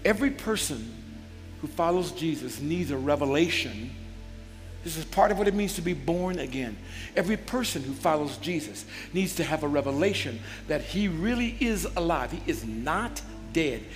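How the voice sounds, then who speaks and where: A man preaching a sermon as a bishop, calling out to the congregation and building into shouts. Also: fairly high pitch, expressive, moderate pace. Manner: call-and-response preaching, swells into shouts. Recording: long hall reverb with faint music.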